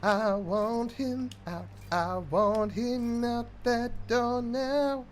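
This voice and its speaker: A man's voice: high voice, very animated, slow, a bit bright, soft background music, voice pushed up, full character voice. A man putting on a frantic northern English bloke. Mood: fed up. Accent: northern English, put on. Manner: theatrical, over-the-top complaining.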